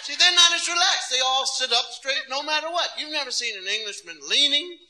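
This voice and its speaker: A man doing live stand-up comedy, telling stories in an animated, playful way. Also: very high voice, brisk, low-quality recording.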